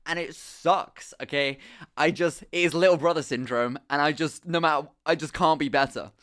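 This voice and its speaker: A young man, streaming live and telling a story in an animated, rambling way, swearing often and breaking off into asides. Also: fairly high pitch, moderate pace. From England. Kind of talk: casual storytelling to a live chat.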